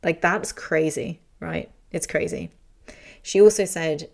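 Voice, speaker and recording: Podcast host, woman, low pitch with some vocal fry, frank and animated storyteller. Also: slow. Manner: frank, animated, swears freely. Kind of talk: casual personal storytelling.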